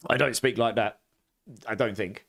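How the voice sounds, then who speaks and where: A chatty man with an Essex accent mixed with a bit of posh English, giving live commentary while he plays. He laughs easily and reacts with excitable bursts. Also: on the low side, normal speed, gravelly. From near London, England. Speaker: streamer.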